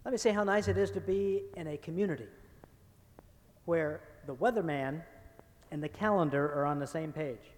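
A man preaching a sermon in a church sanctuary, folksy and full of little jokes and stories. His voice sits a bit higher than most men's, and it rings with a long church reverb. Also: moderate pace. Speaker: guest preacher.

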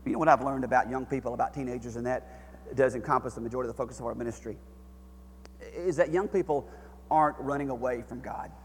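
A man preaching a sermon with passion, swinging between hushed, quiet passages and near-shouted, fervent ones. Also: mid-range voice, fast talker, slightly rough, in a large hall.

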